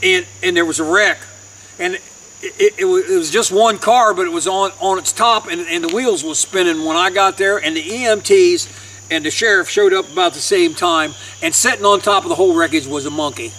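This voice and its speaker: Folksy singer: high-pitched man, rambling joke-teller, recorded from a distance. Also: fairly quick, bright, forceful tone, slight background noise. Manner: rambling, repeats words as he goes. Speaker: singer and guitarist. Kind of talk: folksy joke telling between songs. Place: outdoors in the woods. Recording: distant mic with guitar.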